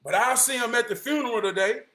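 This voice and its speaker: A man with a drawl spins a rambling tale in a very high voice, often raising it to a shout and acting out each friend. The sound bounces around an echoey room. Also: quick pace. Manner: animated, often shouting, slips into quoted voices. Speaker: storyteller. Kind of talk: casual storytelling.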